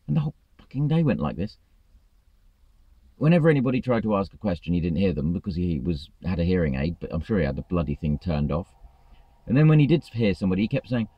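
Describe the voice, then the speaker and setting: A man's voice: low voice, very animated, fast talker, no room sound, highs cut off. A man, a truck driver, ranting in a vlog, exasperated and swearing freely.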